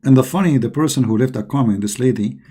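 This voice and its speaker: A man's voice: mid-range voice, fast, warm tone, slightly rough. A middle-aged man and online commentator giving a sarcastic, scoffing monologue in loosely built, non-native English. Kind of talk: mocking religious-critique monologue.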